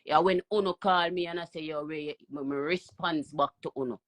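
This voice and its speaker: A man's voice: on the high side, fairly even intonation, a little fast. Taunting Jamaican man on a live stream. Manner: loud, taunting, repetitive. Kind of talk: heated live stream rant.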